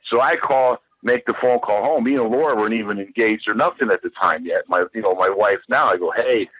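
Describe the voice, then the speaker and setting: A man's voice: lowish voice, fairly quick, no room sound. A man guest telling a long story in a profane, rambling, emphatic way. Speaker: podcast guest. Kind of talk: animated storytelling. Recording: dull lo-fi dry sound.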